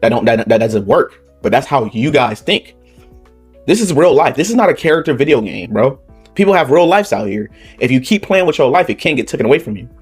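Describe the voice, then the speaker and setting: Man, southern california accent, heated reaction rant, repeats "okay?", mid pitch, faint music underneath. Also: animated, a little fast, husky. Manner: heated, repetitive, rhetorical questions with frequent "okay?". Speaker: political commentary channel host. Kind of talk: reaction commentary on clips.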